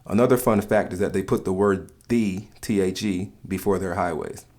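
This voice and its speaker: A man from the States, giving calm, measured scripted narration for a countdown video. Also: low voice. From Southern United States.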